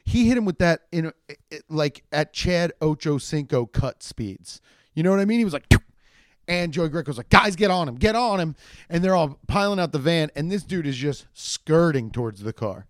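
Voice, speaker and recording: A young man rambles through a profane comic story, his pitch swinging wildly as he acts out everyone in it. His voice sits a little high for a man. The sound is close and dry. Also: normal speed, no room sound. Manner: rambling and animated, acts out shouted quotes. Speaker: comedian telling a story.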